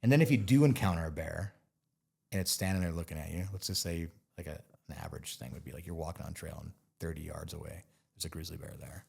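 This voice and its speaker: A man, a bear expert guest, talking casually in an interview and explaining with relaxed, playful asides. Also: a bass voice, fast talker, gravelly, slightly rough. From Montana.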